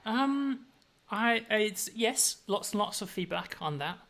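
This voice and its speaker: A game designer chats casually about his prototypes in a dry, self-deprecating way. He is a man with a bright, forceful tone and a slightly high voice. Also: expressive, slow, vocal fry. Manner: dry, self-mocking, wry. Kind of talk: casual chat.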